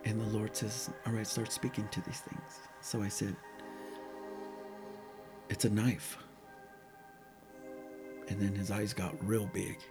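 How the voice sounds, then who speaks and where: Animated man retelling a faith story. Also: fairly low pitch, slow, long pauses, over music. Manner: animated retelling, quoting dialogue, drops to near-whisper at times. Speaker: guest telling a testimony. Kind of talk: casual storytelling chat.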